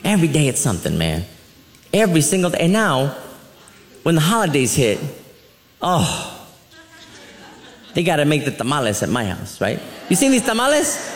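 A man doing a stand-up comedy routine, animated and laughing as he acts out his family members. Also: a little high, moderate pace, pauses often. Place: comedy club stage. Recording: live club with audience laughter and crowd noise.

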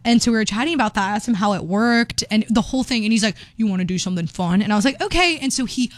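A young woman chatting casually about a trip, giggly and animated, acting out quotes. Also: on the high side, very fast, no echo. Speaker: travel vlogger. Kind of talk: casual chat.

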